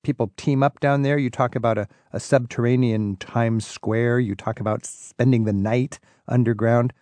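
A man's voice: mid-range voice, steady tone, moderate pace, dark tone, no echo. A man hosting a radio travel show and asking his guest curious, enthusiastic questions. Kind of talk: radio interview.

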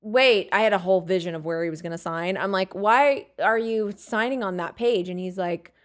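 A woman telling a long, animated story in casual chat, swearing freely and acting out what people said. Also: medium pitch, normal speed. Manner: animated, profane storytelling with acted-out quotes.

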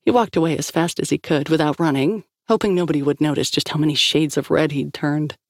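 Gravelly woman narrating a story. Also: deep voice, fairly quick, no echo, studio quality. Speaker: audiobook narrator. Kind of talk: scripted narration.

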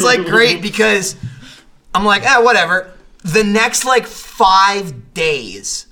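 Bright high-voiced man telling a story. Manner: laughing storyteller, swears a lot. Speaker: podcast co-host. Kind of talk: casual chat.

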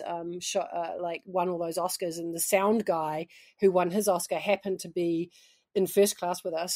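A woman from New Zealand with a New Zealand accent, a guest telling animated stories in a casual interview, with frequent restarts. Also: fairly low pitch. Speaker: guest, actress and author.

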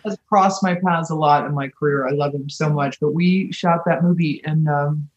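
A woman's voice: low-pitched, steady tone, normal speed, lo-fi sound. A woman, an actress guest, chatting casually and telling self-deprecating stories on a podcast from her home. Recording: roomy home room.

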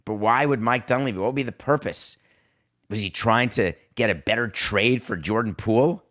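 A middle-aged man hosting a sports talk show, animated and sarcastic, slipping into mocking voices. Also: fairly low pitch, moderate pace. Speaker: podcast host.

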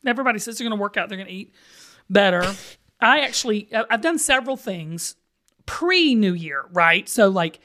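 A woman's voice: mid-range voice, expressive, normal speed, sharp tone. A woman hosting a podcast in casual chat. She talks candidly and laughs often. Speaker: podcast host.

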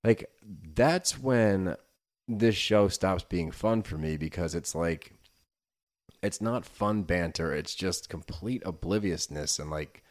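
Male podcast co-host, lower voice, exasperated, profane, casual chat. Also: takes it slowly. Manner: exasperated, swears freely.

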